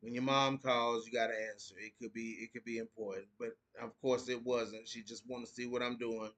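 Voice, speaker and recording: A laid-back man from the United States hosts a casual live stream at a mid pitch. He reads viewer comments aloud and riffs on them in an easygoing chat. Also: level tone, brisk, a bit bright. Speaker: podcast host.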